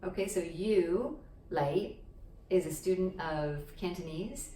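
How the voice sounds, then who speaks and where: A woman's voice: lowish voice, takes it slowly, dark tone, a little hiss or hum. Chatty woman teaching in an echoey room. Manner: chatty, explains with many "okay" and "right?" checks. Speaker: Cantonese teacher. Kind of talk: casual language lesson. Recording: echoey room, a bit distant from the mic.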